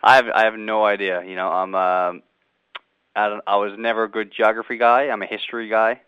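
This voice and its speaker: A man hosts a casual interview, easygoing and quick to laugh. His fairly low voice is smooth and clean, recorded dry with a slightly dull, lo-fi tone. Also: level tone, no room sound. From Canada. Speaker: radio show host.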